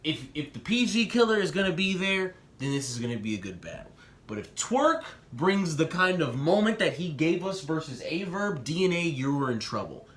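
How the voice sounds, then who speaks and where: A young man in a casual vlog giving excited predictions and talking straight to the people he discusses. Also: moderate pace, roomy sound, slight background noise. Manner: excitable, talks straight to the rappers, jumps in pitch. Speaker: battle rap commentator.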